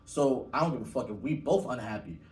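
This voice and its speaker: A man's voice: medium pitch, expressive, quick pace, a little mellow. Laid-back man sharing opinions, roomy sound. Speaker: podcast co-host. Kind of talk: casual podcast chat. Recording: roomy, distant mic.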